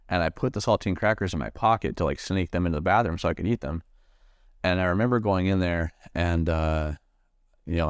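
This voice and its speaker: A man from Nebraska, a Marine veteran, telling his own story in an interview, halting with many fillers and restarts and swearing freely. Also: low-pitched, clean tone, no room sound, studio quality. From Nebraska, USA.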